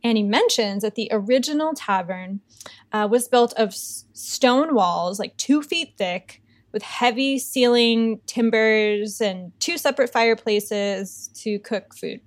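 A woman's voice: fairly high pitch, measured pace, dry recording. A woman co-hosting a podcast, telling a ghost story in a chatty, joking way. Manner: chatty, filler-heavy, joking asides. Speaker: podcast co-host.

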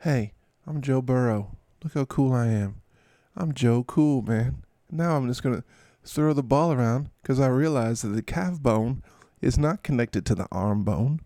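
A cocky young quarterback, drawling and bragging, as a man puts him on. The voice is gravelly and dry, loose and unbothered. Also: medium pitch, a little slow, dark tone, no echo, lightly acted. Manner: laid-back, boastful drawl. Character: cocky young male football quarterback, laid-back.

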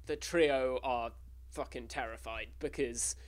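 An English man in casual comic chat, pitching a film plot with rambling restarts and giggly asides. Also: fairly even intonation, a little slow.

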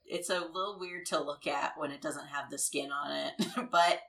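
A woman's voice: low voice, steady tone, normal speed, creaky, over a noisy crowd. A woman co-hosting a podcast, talking casually about a horror film with lots of fillers. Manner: casual, many fillers, laughs easily. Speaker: podcast co-host.

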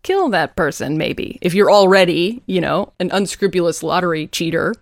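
A woman co-hosting a casual show recap, animated and acting out characters' lines. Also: lowish voice, moderate pace, dry recording. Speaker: podcast co-host.

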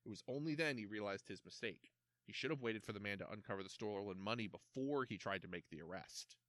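A man reading a children's mystery story aloud in an expressive, animated way. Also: fairly low pitch, quick pace, dry recording. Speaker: narrator.

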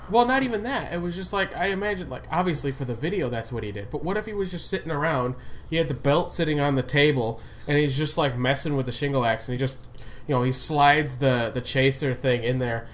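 A man with hiccups, chatting casually and excitably as a podcast co-host, rambling and swearing now and then. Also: on the high side, fairly quick. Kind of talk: casual fan chat.

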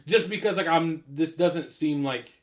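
A man's voice: on the high side, measured pace. A man co-hosting a casual music chat, rambling with many fillers and some swearing. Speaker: podcast co-host.

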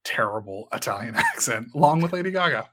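A man's voice: mid-range voice, sing-song, a little fast, fairly bright tone. A man doing an earnest, self-important impression of a method actor.

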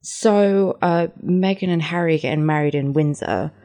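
A young woman with an English accent talks in a low, deep register. She chats loosely on a podcast and swears freely. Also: normal speed, warm tone. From England. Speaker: podcast co-host. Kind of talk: casual chat.

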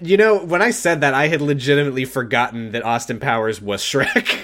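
A man's voice: medium pitch, brisk, fairly bright tone. A man co-hosting a podcast, chatting casually and animatedly about a TV episode, swearing freely and laughing often. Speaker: podcast co-host. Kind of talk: casual recap chat.

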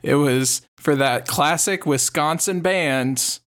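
A man playing a comedy game show, rambling through quick jokes and improvised excuses. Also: fairly high pitch, a bit bright.

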